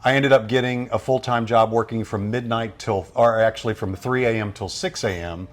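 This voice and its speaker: A man's voice: on the low side, normal speed. A man, a radio voice-over veteran casually telling stories about his career as a guest. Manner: relaxed storyteller acting out quoted voices. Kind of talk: casual storytelling interview.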